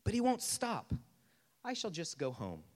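A man's voice: high voice, huge pitch swings, a little slow, exaggerated voice. A man doing a whiny, fretful ghost in a big hall. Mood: apologetic. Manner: flustered, pleading, making excuses.

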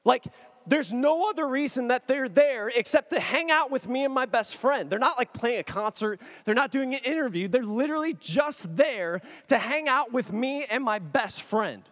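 A man in his thirties telling a comic personal story to an audience, excitable and animated. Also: very high-pitched, moderate pace. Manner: excitable, animated, acts out chat messages. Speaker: speaker addressing an audience.

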